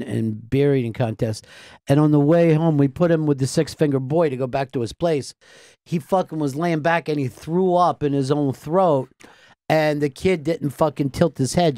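A man telling profane stories on a radio talk show, animated and laughing as he goes. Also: fairly high pitch, dry recording, studio quality. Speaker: guest, radio host. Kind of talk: casual talk-show storytelling.

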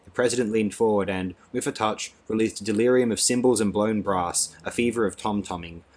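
A male audiobook narrator reads a classic novel aloud. His voice sits very low. He reads expressively, letting the prose swell with the scene. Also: fairly quick, a little mellow. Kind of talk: scripted narration.

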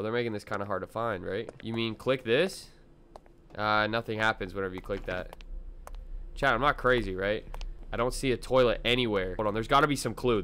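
A young man doing gaming commentary to his chat, loud, excitable, slangy and quick to laugh. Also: on the low side, clear, resonant tone. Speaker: gaming YouTuber. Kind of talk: let's-play commentary.

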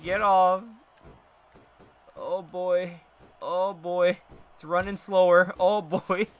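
A young man streaming a wrestling video game live, chatting casually, laughing a lot and yelling at the game. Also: high-pitched, takes it slowly. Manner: excitable, laughs often, yells at the game. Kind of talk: live gameplay commentary.

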